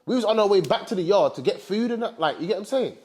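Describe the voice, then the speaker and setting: A young man from England telling a story in a casual, animated way, full of slang like bro and fam. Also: high-pitched, fast.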